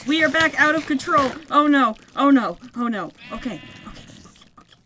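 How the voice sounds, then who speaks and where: A woman giving excitable, yelping play-by-play commentary on a survival game session, often laughing at her own bad plan. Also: high-pitched, brisk, background noise. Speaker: gaming video creator. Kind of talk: Minecraft let's play commentary.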